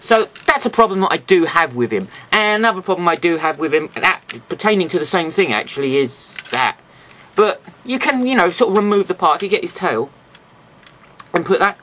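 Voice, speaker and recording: A man talks through a toy review in a loose, chatty way, full of jokey asides. His voice is bright and a little raised in pitch, swinging up and down a lot. A stuffy nose gives it a slightly nasal edge.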